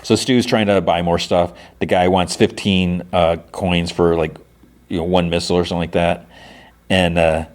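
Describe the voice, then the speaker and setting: A man's voice: sits low, level tone, normal speed. A man hosting a podcast, casually recapping an episode in a rambling way, full of "like" and restarts. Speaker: podcast host.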